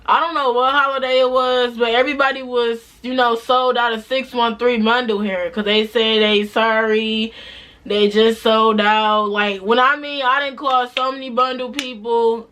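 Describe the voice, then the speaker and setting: A young woman with a bright, forceful voice tells a personal story to her viewers. She talks in a chatty, animated way, keeps circling back to the same points and checks in with the audience as she goes. This is a casual storytime vlog. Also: on the high side, normal speed. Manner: chatty, animated retelling with repeated asides to viewers. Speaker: vlogger.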